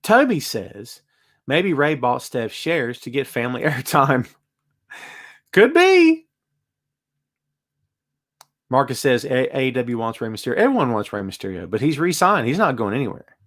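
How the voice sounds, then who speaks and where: Animated man hosting a live-stream chat. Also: brisk. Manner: animated, conversational, reads viewer comments aloud; wide swings in pitch and loudness, emphatic. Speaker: host.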